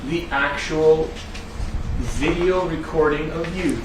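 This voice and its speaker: A man's voice: fairly high pitch, slow pace. A man, an attorney, cross-examining a witness in court with pressing yes-or-no questions. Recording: distant echoey courtroom with noise.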